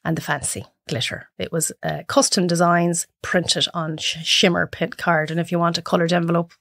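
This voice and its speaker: Irish woman, 30s, lively storyteller who mimics others, dry close mic. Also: normal speed, creaky, no echo. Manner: animated storyteller acting out clients in high voices. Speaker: podcast guest. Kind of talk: casual chat.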